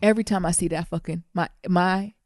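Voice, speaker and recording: Profane, animated woman podcast co-host. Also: on the low side, fairly quick, no echo, clean studio sound. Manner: animated, profane storytelling with acted-out quotes. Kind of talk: casual chat.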